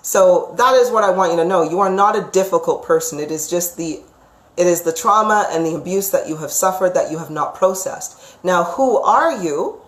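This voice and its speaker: A woman with a lowish voice gives live psychic readings to her viewers, calling each of them sweetheart. She rambles in a chatty way, full of fillers and restarts. The sound rings around an echoey room. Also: normal speed. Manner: affectionate, calls viewers sweetheart. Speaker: psychic reader.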